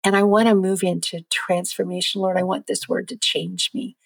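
As a guest in a podcast interview, an earnest woman gives a faith testimony, telling her stories in a lively way. Her voice is medium-pitched at a moderate pace, with no echo.

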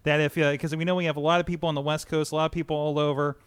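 A man's voice: on the high side, little pitch movement, rapid-fire, clear, resonant tone. A man hosting a casual podcast chat, rambling with frequent restarts while reading a sponsor spot. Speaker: podcast host.

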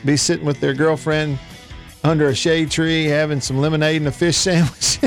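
A man's voice: on the high side, moderate pace, faint music behind. A man hosting a sports talk radio show, reading listener texts aloud and chuckling often. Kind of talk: casual call-in radio chat. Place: radio studio. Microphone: studio microphone.

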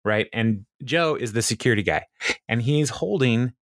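Recapping a TV episode in a relaxed podcast chat, this man laughs frequently and leans on fillers. He speaks at a moderate pace with a medium pitch and lively intonation, in clean studio sound with no room echo.

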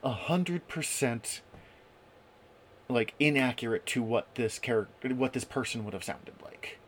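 A man's voice: mid-range voice, lively intonation. Male podcast co-host, mid-range voice, rambling and self-mocking, with faint background noise. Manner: chatty, self-deprecating, halting restarts. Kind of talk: casual podcast chat.

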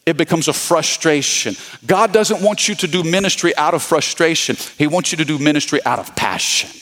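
A man's voice: a little high, fairly quick, a bit bright. A man preaching a sermon as pastor, repeating his key points and calling out to the congregation.

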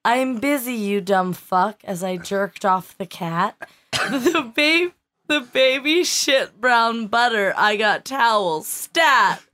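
A woman with a fairly high voice reads aloud slowly and deliberately, letting little giggles slip between lines in casual company. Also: expressive, pushed and bright. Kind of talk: casual chat and reading aloud.

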